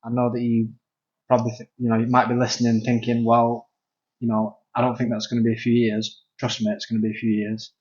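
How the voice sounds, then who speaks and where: A man's voice: mid-range voice, monotone, quick pace, darkish tone, a little hiss or hum. A man with a Manchester accent explaining grappling ideas earnestly, with lots of fillers. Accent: Northern English, Manchester. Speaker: podcast co-host and grappling coach. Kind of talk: casual chat. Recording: dull lo-fi sound.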